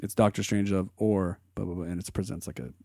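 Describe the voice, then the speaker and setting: A man in casual podcast chat who races through his points like an eager film buff. His voice sits low, and the sound is dry and close. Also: little pitch movement, fast talker, gravelly, mellow, no echo. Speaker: podcast co-host.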